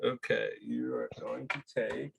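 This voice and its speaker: A man narrating as game master of a tabletop game, halting with many fillers and frequent laughter. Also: mid-range voice, huge pitch swings, creaky, noisy background.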